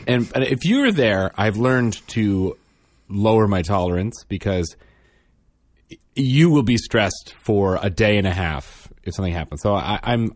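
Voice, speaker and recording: A man's voice: lowish voice, no room sound, studio quality. A man in his thirties, a father and podcast co-host, telling a funny story in casual chat and acting out the quotes with self-deprecating humor.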